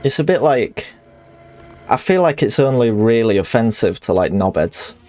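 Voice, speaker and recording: A man's voice: medium pitch, big pitch swings, normal speed, a little mellow, soft background music. A man streaming a game, chatting casually in a rambling, sweary way that often corrects itself.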